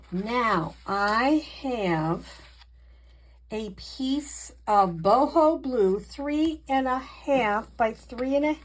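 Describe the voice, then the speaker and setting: A woman's voice: medium pitch, husky. A woman hosting a card-making tutorial, chatty and encouraging, poking fun at her own mistakes as she works. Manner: chatty, self-deprecating, encouraging. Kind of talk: casual crafting demonstration.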